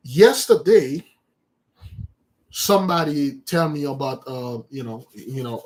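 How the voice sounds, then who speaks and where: A man's voice: medium pitch, slow, darkish tone. A man preaches on a live stream in a mid-range voice. He talks in an emphatic, repetitive way, circling back over his phrases and restarting them as he presses his point. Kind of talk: impassioned livestream sermon.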